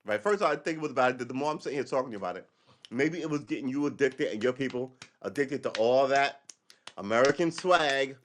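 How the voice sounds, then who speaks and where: A man's voice: mid-range voice, expressive, a little fast. A man hosting a livestream, delivering a rambling, sarcastic political monologue with frequent profanity. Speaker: livestream host.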